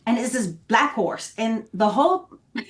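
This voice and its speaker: Speaking slightly high and a bit slowly, the South African actress shares lively anecdotes during a relaxed interview. She performs the scenes and characters' voices as she narrates.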